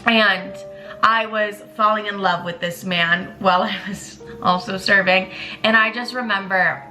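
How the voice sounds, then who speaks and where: Bright-voiced young woman telling a candid story. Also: medium pitch, steady tone, a little slow, soft background music. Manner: emotional, profane, confessional. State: tearful at times. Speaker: vlogger.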